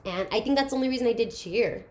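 A young woman recounts her school days in a relaxed, conversational way. She gets animated and acts out the voices of the people in her story. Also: fairly high pitch, fast talker. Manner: animated, acts out quoted voices, laughs through emotional moments. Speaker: guest sharing her story. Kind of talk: casual personal storytelling.

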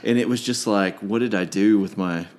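A man guesting on a casual podcast, chatty and animated, telling stories with a lot of "like". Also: lowish voice, moderate pace. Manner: chatty, animated storyteller, says "like" often.

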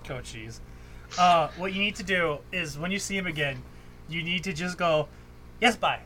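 A man from Newfoundland chatting casually, full of playful teasing and mock bossiness. His voice sits a little high with a bright, forceful edge. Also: normal speed, a little hiss or hum. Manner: teasing, bossy joking. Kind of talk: casual chat.

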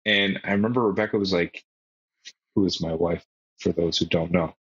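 A man's voice: deep voice, steady tone, normal speed, fairly bright tone, slightly rough, no echo. A man co-hosting a casual football podcast, joking and swearing freely. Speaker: podcast co-host. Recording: dull lo-fi sound.

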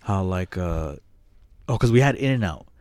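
A man's voice: low voice, lively intonation, a little slow, a little mellow, no echo, clean studio sound. A man co-hosting a podcast, chatting casually and telling rambling, profane stories. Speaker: podcast co-host. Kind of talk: casual chat.

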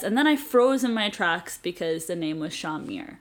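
A woman's voice: a little high, moderate pace, few pauses, fairly bright tone. A young woman co-hosting a podcast, telling a story in a playful, teasing way. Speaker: podcast co-host. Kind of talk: casual podcast chat.

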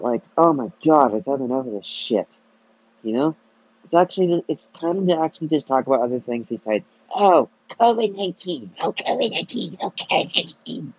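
Male podcast host, profane repetitive rant, medium pitch, muffled lo-fi sound. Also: darkish tone, dry recording. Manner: ranting, profane and repetitive, restarting sentences. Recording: dull lo-fi recording.

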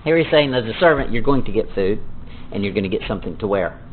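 Preacher on a tinny phone-like line. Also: male voice, on the low side, animated, a little hiss or hum. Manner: reads scripture slowly and dramatically, then explains in folksy asides with chuckles. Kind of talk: Bible teaching sermon.

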